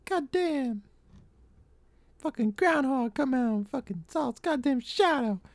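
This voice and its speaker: A man's voice: very high voice, animated, measured pace, dry recording, pitched above the performer's own voice, heavily acted. A man doing an impression of a foul-mouthed, cranky older wrestling manager, ranting with constant profanity. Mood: angry. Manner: profane, grumbling rant.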